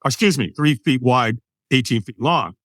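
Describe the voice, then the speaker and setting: On a podcast, an American guest in his sixties recounts something from his own life, bringing it alive by performing the other characters' quoted voices. He has a mid-range, slightly bright voice at a normal pace, captured with no echo.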